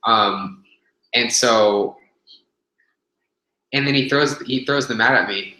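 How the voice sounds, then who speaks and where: A man's voice: mid-range voice, slow, bright, forceful tone. A young man telling a gym story on a casual webcast, rambling, swearing freely, full of fillers and restarts, recorded on a webcam in a room. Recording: echoey room webcam audio.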